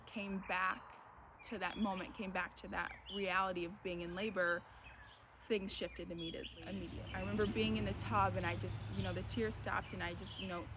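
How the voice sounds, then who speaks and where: A young woman, a mother, earnestly talking through her own birth story in a casual, reflective way, often pausing on "you know.". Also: mid-range voice. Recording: steady background noise.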